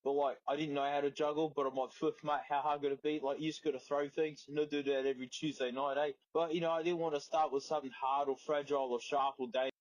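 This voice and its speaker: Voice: medium pitch, level tone, quick pace, few pauses, dry recording, dull audio, voice pushed down, close to an everyday voice. Someone putting on a rambling Aussie bloke. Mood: boastful. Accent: Australian. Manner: rambling, slangy, "mate" in every line. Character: boastful clueless young Aussie bloke.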